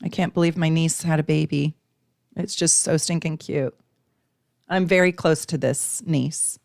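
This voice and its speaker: A chatty, effusive woman doing live astrology readings for her viewers. Her voice sits on the low side and she laughs easily. The sound is close and dry, with no room echo. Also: steady tone, measured pace, gravelly, a little mellow. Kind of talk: live-stream casual chat.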